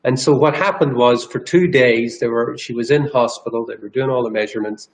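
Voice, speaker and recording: A man's voice: mid-range voice, a little fast, rough recording. A man from Ireland, a guest energy healer telling a personal story in an interview, earnest and rambling, with restarts. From Northern Ireland.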